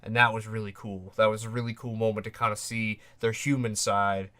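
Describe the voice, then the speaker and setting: A man's voice: on the low side, little pitch movement, a little fast, sharp tone. A man co-hosting a casual podcast discussion, talking in a loose, conversational way. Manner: loose and conversational, many fillers like "like". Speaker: podcast co-host.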